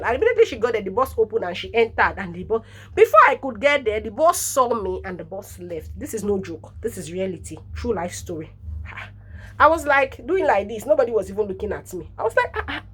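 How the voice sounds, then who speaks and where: Husky Nigerian woman telling lively stories. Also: medium pitch, fairly quick. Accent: Nigerian English. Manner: animated storytelling, laughs often, drops in pidgin interjections. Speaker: nurse. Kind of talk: casual storytelling vlog.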